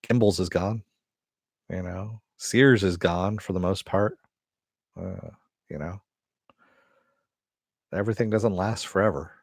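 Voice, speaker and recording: Low-voiced and slow, with long pauses, a middle-aged host chats on a laid-back live stream. He answers viewers in a meandering, profane way, frequently starting over. No echo; the sound is clean and studio-like.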